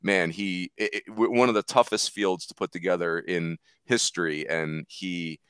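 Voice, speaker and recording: A man hosting a podcast in casual, rambling chat, quick to joke. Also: deep voice, fairly even intonation, fairly bright tone, clean tone, dry recording. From Philadelphia area. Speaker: podcast host.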